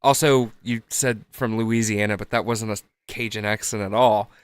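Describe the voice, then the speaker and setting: A man's voice: lowish voice, fairly even intonation, normal speed, clear, resonant tone, no room sound. Teasing man, dry close sound. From Southern United States. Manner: teasing, mock-indignant. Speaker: podcast host. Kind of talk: casual podcast chat.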